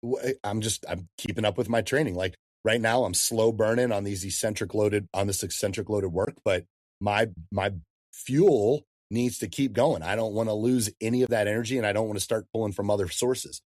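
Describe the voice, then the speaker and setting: Slangy animated male fitness coach. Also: fairly low pitch, moderate pace, no echo, clean studio sound. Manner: animated, slangy, says "dude" and "man" often. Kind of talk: casual podcast interview.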